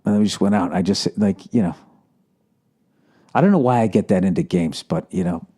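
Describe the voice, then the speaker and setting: A man's voice: deep voice, a little fast, warm tone, breathy edge. A man hosting a solo podcast, ranting about sports in a profane, sarcastic way. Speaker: podcast host.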